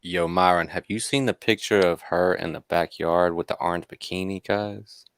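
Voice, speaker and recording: A man's voice: low voice, fairly even intonation, normal speed, gravelly, no room sound, studio quality. A man co-hosting a podcast, blunt and mocking, with crude jokes in casual chat. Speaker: podcast co-host.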